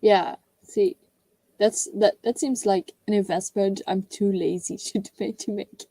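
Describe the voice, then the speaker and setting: A woman's voice: medium pitch, fairly even intonation, a little slow, warm tone, husky, dry recording, low-quality recording. A woman from the Netherlands with a Dutch accent, chatting casually and bluntly with friends on a live stream, laughing often. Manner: laughing, blunt, says "like" a lot. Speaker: booktuber live chat co-host. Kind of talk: casual chat.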